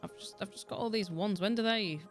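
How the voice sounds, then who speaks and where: Brisk and medium in pitch, a young woman with a Yorkshire accent, from Yorkshire, England, rambles casually on her gaming livestream. She swears freely and laughs often, with soft background music.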